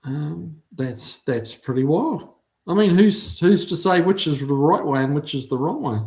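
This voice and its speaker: A man's voice: fairly high pitch, animated, a little slow, creaky, a little mellow. A middle-aged man from New Zealand with a New Zealand accent, casually chatting as he reads out viewer comments on his livestream, laid-back with frequent ums. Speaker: livestream host reading chat. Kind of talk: casual chat.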